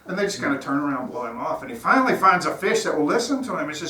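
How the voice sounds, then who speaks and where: A man's voice: a little high, animated, very fast, hardly any pauses, pushed and bright. A man giving an informal sermon as a guest speaker, talking earnestly and conversationally, telling stories. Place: church sanctuary. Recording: roomy hall, distant mic, faint noise.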